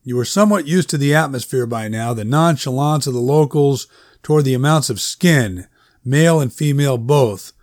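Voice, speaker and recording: A man's voice: mid-range voice, a little mellow, no echo, clean studio sound. Wry, conversational male narrator. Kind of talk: audiobook narration.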